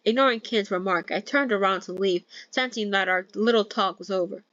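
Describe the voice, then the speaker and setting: A young woman with a medium-pitched, somewhat bright voice reads a novel aloud at normal speed with hardly any pauses; the audio has no echo and its highs are cut off. She keeps interrupting the read-along with swearing jokes and corrections of herself.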